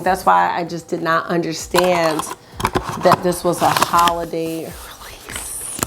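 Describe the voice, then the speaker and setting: A woman's voice: on the low side, a little hiss or hum. A young adult woman chatting enthusiastically at home as she reviews makeup for her vlog. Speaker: beauty vlogger. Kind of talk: casual makeup review chat.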